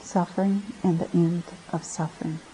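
A woman meditation teacher giving a gentle, reflective dharma talk at a retreat center, often pausing and restarting her phrases. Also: on the low side, fairly even intonation, a little hiss or hum, rough recording.

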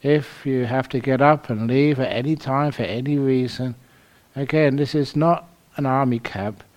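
A man's voice: medium pitch, normal speed, darkish tone. A man with a London accent giving a humorous dharma talk to a retreat, telling stories and chuckling at his own jokes. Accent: London English. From London, England. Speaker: meditation teacher.

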